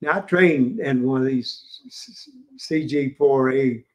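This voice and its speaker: An older man with a West Virginian accent giving an informal history lecture at a museum, halting with many fillers and restarts. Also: medium pitch.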